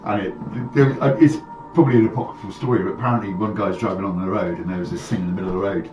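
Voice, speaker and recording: A man with a low voice tells a casual anecdote at a game table, stopping and restarting as he goes. His voice sits far from the mic in an echoey room, with light music behind it. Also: steady tone, racing. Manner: anecdotal, hesitant. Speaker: player. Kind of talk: casual storytelling. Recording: roomy distant mic with music.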